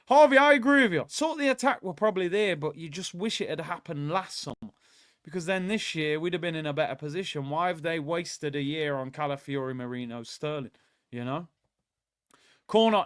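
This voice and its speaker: Young guy doing a footy watchalong stream, bit high voice, gets shouty and hyped, dry close mic. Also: no echo. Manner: excitable, shouts at the players during attacks. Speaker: watchalong host. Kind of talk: live football watchalong commentary.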